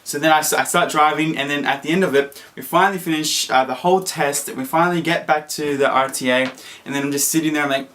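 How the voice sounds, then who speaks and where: Animated young Australian man telling a story. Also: fast talker. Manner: animated, acts out quotes with sudden high squeaky jumps. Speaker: vlogger. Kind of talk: casual storytelling to camera.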